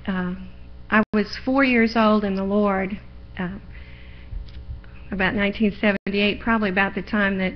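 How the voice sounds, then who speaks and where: A middle-aged woman preaching a sermon in a church, folksy and personal, sharing her own testimony and pressing points with rising force. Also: medium pitch. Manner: folksy, personal testimony, building to louder emphasis. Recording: lo-fi live stream audio.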